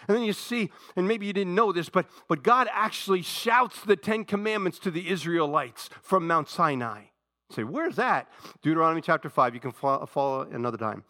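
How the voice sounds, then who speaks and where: A male pastor preaching with a fervent, dynamic delivery, moving between hushed stretches and loud, rising passages. His voice is somewhat high for a man, and it has a bright, forceful edge. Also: very animated, normal speed. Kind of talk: sermon.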